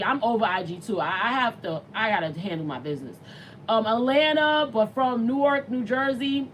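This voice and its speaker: Brief: woman host, chatty and slangy, slightly high voice, faint noise behind. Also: poor audio. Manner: chatty and animated, slangy, reads viewer comments aloud. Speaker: morning show host. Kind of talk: casual talk show chat.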